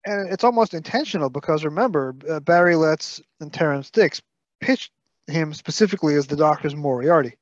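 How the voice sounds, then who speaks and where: Brooklyn-accented male co-host, brisk trivia-heavy chat, dull close recording. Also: fairly high pitch, lively intonation, dry recording. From Brooklyn, New York. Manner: detailed, fact-heavy, playfully scolding. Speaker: podcast co-host. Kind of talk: casual podcast chat.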